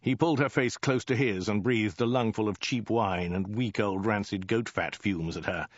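Deadpan male audiobook narrator. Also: fairly low pitch, normal speed, dry recording. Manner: dry, deadpan comic delivery. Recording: dull lo-fi dry recording.

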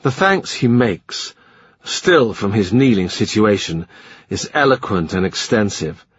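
A man narrating a historical novel in a measured, literary reading style. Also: fairly low pitch, expressive, breathy edge, no echo. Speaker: audiobook narrator. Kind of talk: scripted narration. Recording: slightly muffled dry recording.

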